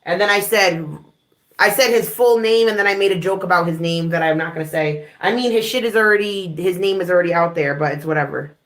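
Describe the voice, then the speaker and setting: A woman in a played clip recounting online drama in a heated, rapid way. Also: lowish voice. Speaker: content creator in a played clip.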